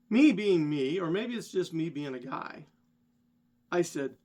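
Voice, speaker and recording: A man vlogger casually telling a rambling story, animated and self-deprecating. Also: fairly high pitch, a little slow.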